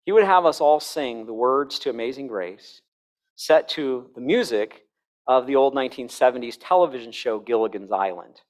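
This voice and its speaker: A man's voice: medium pitch, expressive, normal speed. Humorous middle-aged man lecturing. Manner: conversational, humorous lecturing with self-deprecating asides; demonstrates tones of voice and sings examples aloud. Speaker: conference speaker. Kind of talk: Christian worldview conference talk.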